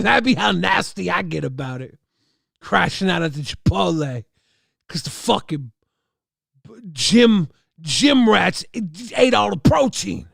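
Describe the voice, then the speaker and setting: A man on a livestream spins a profane, exaggerated comic tale in a boisterous way. His voice sits high and carries a gravelly fry. It sounds dry and close, with no room around it. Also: fairly bright tone, no room sound. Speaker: livestream host. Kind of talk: comic storytelling to chat.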